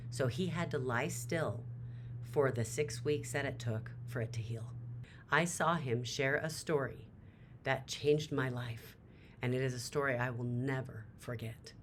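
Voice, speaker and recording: A woman's voice: very deep voice, slight background noise. A woman giving a motivational talk, telling a story dramatically and emphatically, with her voice climbing sharply at emotional peaks. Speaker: motivational speaker.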